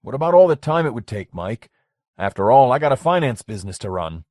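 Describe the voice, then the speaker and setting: A man's voice: medium pitch, sing-song, fairly quick, darkish tone, no room sound, studio quality, natural voice. A man reading the lines of a blunt, skeptical businessman in his forties who swears freely. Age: 40s. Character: blunt, skeptical middle-aged businessman friend.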